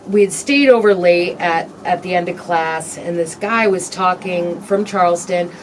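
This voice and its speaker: A woman as an interview guest, telling her personal story candidly in a halting, reflective way with frequent pauses and ums. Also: lowish voice, recorded from a distance, slight background noise.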